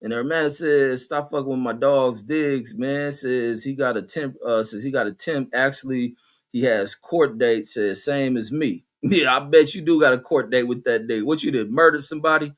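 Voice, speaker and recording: A man's voice: medium pitch, moderate pace. A middle-aged man hosting a casual stream, reading viewer comments aloud and riffing on them with profanity and laughter. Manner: profane, laughing, reads chat aloud and riffs. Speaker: livestream host reading chat. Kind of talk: casual uncensored chat.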